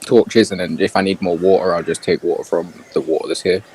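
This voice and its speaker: A man chatting as a player in a tabletop game, quick with a joke and casual in his banter. His voice sits on the low side. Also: steady tone, darkish tone, slight background noise, rough recording.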